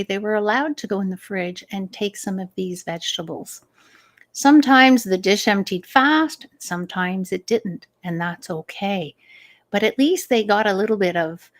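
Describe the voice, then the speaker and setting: A middle-aged woman speaking as a stress management coach in a live advice talk, gentle and unhurried with easy laughs. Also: medium pitch.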